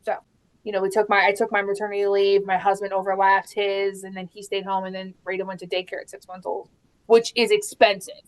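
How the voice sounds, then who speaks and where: A woman in her thirties chatting casually about parenting, animated and laughing often as she acts out quotes. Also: medium pitch, fairly quick. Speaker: guest mom. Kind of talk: casual chat.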